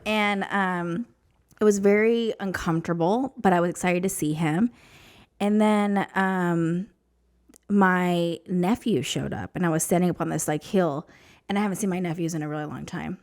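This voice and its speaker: A woman's voice: lowish voice, normal speed, darkish tone. A woman from New Mexico, a podcast guest, telling a personal story in an emotional, chatty way, full of "like" and "you know".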